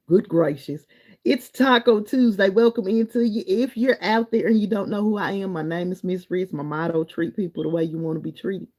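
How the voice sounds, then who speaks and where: She's a middle-aged woman running a live stream, loosely chatting with her audience, reading comments and offering encouragement while hopping between subjects. Her voice is mid-range, at a moderate pace.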